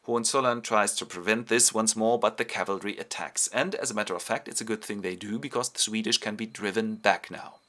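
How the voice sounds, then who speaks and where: A man's voice: lowish voice, a little fast, hardly any pauses, bright, forceful tone. A man hosting and telling a comic synopsis of a play in a chatty way with fillers. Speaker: host and storyteller.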